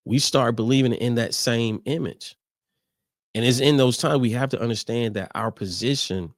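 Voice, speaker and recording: A man's voice: lowish voice, no room sound, studio quality. A middle-aged man hosting a faith-based leadership podcast, speaking reflectively and personally with frequent restarts and fillers. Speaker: podcast host.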